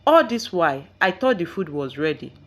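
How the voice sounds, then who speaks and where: A woman's voice: on the low side, very animated, moderate pace. A woman voicing a hurt young wife who pleads tearfully in a storybook reading. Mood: upset.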